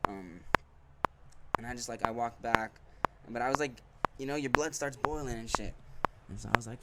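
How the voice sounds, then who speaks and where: A man's voice: medium pitch, fast. A young man telling a rambling, profane story in casual monologue, full of fillers and restarts. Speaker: podcast host. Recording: loud background noise.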